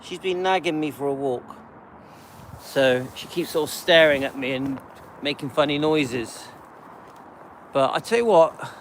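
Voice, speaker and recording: A man's voice: on the high side, unhurried, pauses often, a little hiss or hum. A middle-aged man, chatting casually to his viewers on a live stream while he walks his dog along a street, rambling with loose asides and many ums. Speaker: channel host. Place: outdoors on a residential street, walking a dog.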